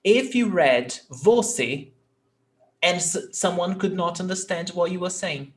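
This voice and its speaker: A man's voice: sits high, normal speed, a crowd in the background. A man teaching a live language lesson in English, patiently repeating each word for his learners. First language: Portuguese. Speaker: Portuguese teacher.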